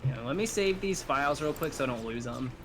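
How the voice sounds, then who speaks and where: A man's voice: medium pitch, lively intonation, fairly quick, crowd noise. A young man streaming a game, joking around in a laid-back way and muttering asides to himself. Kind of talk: casual gaming stream chat.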